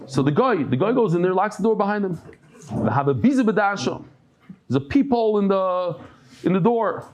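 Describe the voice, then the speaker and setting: A man's voice: high voice, normal speed. A man giving a daily Talmud class, telling stories and jokes with many restarts and Yiddish terms. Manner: animated storytelling with frequent restarts and Yiddish terms; humorous asides and jokes. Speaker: Talmud teacher.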